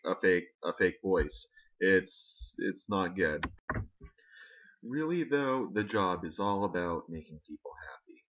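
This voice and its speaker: A man delivering a rambling, deadpan comic monologue with halting restarts. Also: low voice. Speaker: comedian. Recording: dull lo-fi recording.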